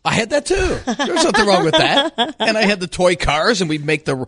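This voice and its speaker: A man's voice: sits high, sing-song, moderate pace, a bit bright, no echo, clean studio sound. A man co-hosting a farm radio show who explains the weather in an easygoing, agreeable way, with lots of ums and uhs. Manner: easygoing, filler-heavy, agreeable. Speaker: radio co-host giving weather. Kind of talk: casual on-air chat.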